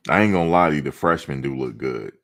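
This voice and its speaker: A man's voice: very deep voice, animated, quick pace, fairly bright tone. A male host of a football fan show, chatting casually in a playful, joking, slangy way and repeating himself for emphasis.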